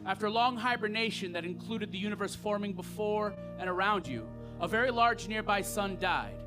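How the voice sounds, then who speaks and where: A man performing spoken word poetry live on a festival stage, with rhythmic delivery and pointed pauses, into a stage microphone. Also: sits high, lively intonation, music in the background.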